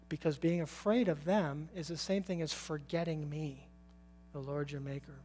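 A man's voice: a little high, moderate pace, a little mellow, slight background noise. Casual, chuckling male preacher. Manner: informal, asks the audience questions, chuckles often. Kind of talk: conversational sermon.

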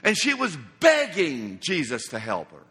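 A long hall reverb surrounds a male preacher whose high, bright, slightly husky voice swings hugely in pitch. Emphatic and dramatic, he speaks slowly and acts out each quote in his sermon.

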